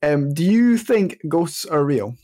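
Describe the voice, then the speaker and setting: A man's voice: fairly high pitch, sing-song, slow, mellow, dry recording. Young man, podcast host, casual chat, swears a lot, dead dry sound. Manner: chatty, swears a lot, jokey.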